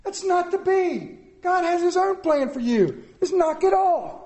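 A man putting on a scolding high-voiced wife. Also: expressive, measured pace, echoey room. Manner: sharp, scolding. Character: exasperated wife scolding her husband.

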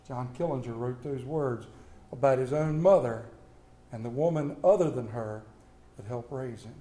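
A man's voice: medium pitch, normal speed, echoey room, low-quality recording. A man preaching a sermon, telling stories by turns tenderly and with humor. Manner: storytelling, shifts between hushed tender reading and lively humor. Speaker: pastor.

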